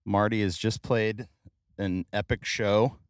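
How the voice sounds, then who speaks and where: A middle-aged man hosting a casual podcast chat in a car, joking and excitable, with many fillers. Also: fairly low pitch, takes it slowly, dry recording, clean studio sound. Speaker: podcast host. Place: in a car in traffic.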